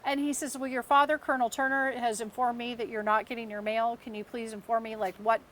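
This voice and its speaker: A woman's voice: a little high, flat delivery, fast talker, a bit bright, a little hiss or hum. A woman in her fifties from the United States, telling a long personal story as a podcast co-host, acting out the voices in it and laughing often. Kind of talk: casual storytelling chat.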